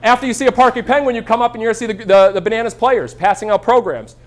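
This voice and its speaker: A man in his thirties giving a live keynote to an audience, telling energetic stories and acting out quoted voices. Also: very high voice, racing. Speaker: keynote speaker. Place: stage before a live audience.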